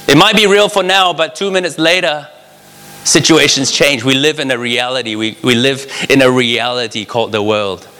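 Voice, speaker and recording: A man's voice: medium pitch, moderate pace, sharp tone, smooth. A man preaching a sermon in an earnest, conversational way, speaking straight to his listeners. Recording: long reverb of a large hall.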